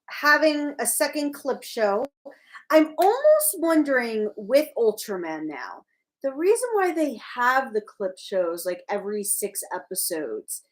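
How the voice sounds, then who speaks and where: Woman, high voice, very lively pitch, casual livestream co-host, teasing. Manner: animated and teasing.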